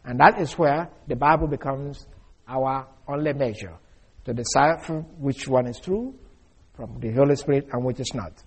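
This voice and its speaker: A man preaching an expository sermon, explaining scripture in a measured, emphatic way with frequent fillers. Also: mid-range voice, breathy edge. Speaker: preacher teaching Bible study.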